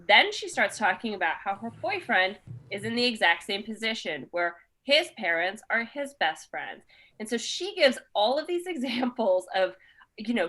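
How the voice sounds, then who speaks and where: Lady podcast host, bright voice, bouncy pitch, chatty and judgy, laughs a lot. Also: sing-song. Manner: reads listener questions aloud, laughs often, quick opinions. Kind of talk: casual comedy chat.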